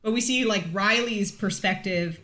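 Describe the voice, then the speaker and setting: A young adult woman co-hosting a podcast in casual chat, emotional and gushing and quick to laugh. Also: medium pitch, sharp tone. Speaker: podcast co-host.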